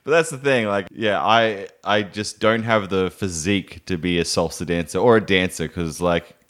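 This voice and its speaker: A man with an Australian accent, co-hosting a casual chat and telling animated stories full of acted-out voices. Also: low voice, moderate pace. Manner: animated storyteller who acts out voices and laughs often. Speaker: podcast co-host.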